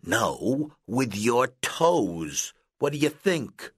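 A man's voice: mid-range voice, big pitch swings, extremely slow, husky, no echo, studio quality, voice pushed up, heavily acted. A man voicing an anxious, pleading schoolboy in a read-aloud story. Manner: pleading, whiny. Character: anxious schoolboy with a wasp on his neck. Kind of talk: storybook character voice.

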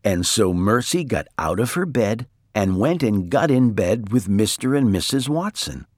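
Male storyteller reading aloud, slow and lilting, dry close sound. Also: on the low side, dry recording. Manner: slow, expressive read-aloud.

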